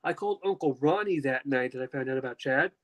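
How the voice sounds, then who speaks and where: A man's voice: medium pitch, fast talker, a bit bright, low-quality recording. Rambling emotional young man. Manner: emotional, rambling with many fillers and restarts. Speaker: podcast host. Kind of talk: casual storytelling chat.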